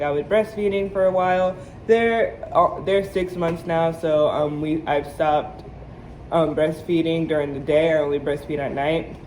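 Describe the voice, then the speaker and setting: A young woman vlogger telling a personal storytime, animated, acting out quoted lines and laughing often. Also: deep voice, slight background noise, poor audio. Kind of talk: storytime vlog.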